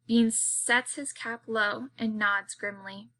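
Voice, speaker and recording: A woman reading an audiobook aloud as a girl's first-person narration, with steady storytelling. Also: medium pitch, takes it slowly.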